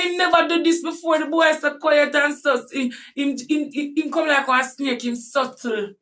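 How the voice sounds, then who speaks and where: A woman with a Jamaican accent telling a personal story in casual talk, animated and breaking into shouts at tense moments. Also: high voice, normal speed, few pauses, far from the mic.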